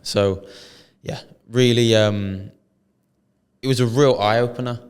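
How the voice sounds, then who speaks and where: A man's voice: medium pitch, fairly even intonation, takes it slowly, smooth, big-room sound. A British man co-hosting a podcast, telling a story in casual chat full of slang and swearing. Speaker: podcast co-host.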